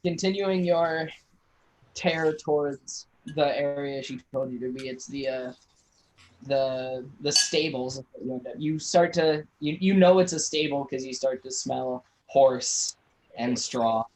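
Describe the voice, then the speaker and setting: A man's voice: medium pitch, a little hiss or hum, low-quality recording. Male game master narrating a tabletop game. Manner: relaxed, halting narration with many restarts.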